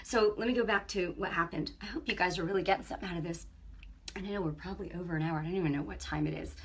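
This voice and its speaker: A woman giving an impassioned spiritual testimony on her own broadcast, telling stories in an animated way that swings between hushed and loud. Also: on the low side, rapid-fire, slightly rough. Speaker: online ministry broadcaster.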